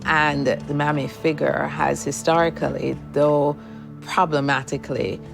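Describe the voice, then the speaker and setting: Deep gravelly woman scholar, slow. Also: level tone, over music. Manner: measured, academic, slow. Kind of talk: documentary interview.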